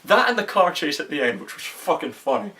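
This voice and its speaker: A man's voice: sits high, big pitch swings, fairly quick, creaky, bright, forceful tone. A young man in a casual, profane movie review, rambling with restarts and often exasperated. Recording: voice a bit far from the mic.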